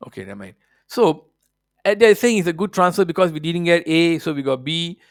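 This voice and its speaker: A man rants about football on his podcast with brash, profane energy, sometimes putting on mocking voices. His voice sits a little high. The sound is dry and close, with no room around it. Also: lively intonation, brisk, no echo. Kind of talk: casual opinionated rant.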